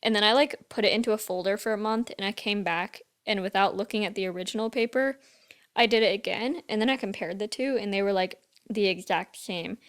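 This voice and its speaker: A woman's voice: mid-range voice, a little fast. A young woman co-hosting a podcast, talking in casual chat with lots of "like" fillers. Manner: chatty, full of "like" fillers. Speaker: podcast co-host.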